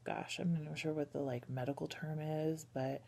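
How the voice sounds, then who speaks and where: Female vlogger, thirties; lowish, slightly gravelly voice, hesitant and candid. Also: steady tone, normal speed. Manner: hesitant, many ums, soft and candid. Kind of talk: casual personal vlog.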